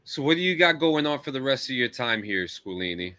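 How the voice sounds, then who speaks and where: A man co-hosting a casual podcast who asks questions in an animated way. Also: mid-range voice, fairly quick, slight background noise. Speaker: podcast co-host.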